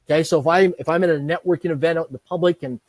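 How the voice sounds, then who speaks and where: A man's voice: fairly high pitch, racing, dry recording. A middle-aged man who is a business trainer, talking energetically in an interview, running through lists and acting out conversations. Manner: energetic, repetitive lists, acts out dialogue. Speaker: guest speaker, business trainer. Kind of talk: animated interview storytelling.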